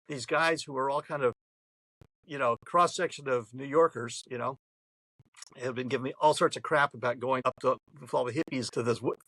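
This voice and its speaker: Podcast guest, man in his 70s from New York State, gravelly voice, rambling anecdotal storyteller, dry close recording. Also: mid-range voice, bright, forceful tone, dry recording, poor audio. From New York State, USA. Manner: chatty, rambling, frequent restarts.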